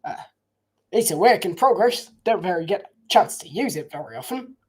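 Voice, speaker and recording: A man's voice: sits high, animated, normal speed, husky. A man doing casual live football commentary, rambling and restarting his sentences, coughing often. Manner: rambling, repeats himself, frequent restarts. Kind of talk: casual live play-by-play and opinion chat.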